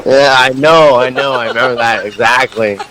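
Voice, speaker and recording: A young man in casual chat, telling crude stories with an excitable, laughing delivery. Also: medium pitch, moderate pace, slight background noise, rough recording.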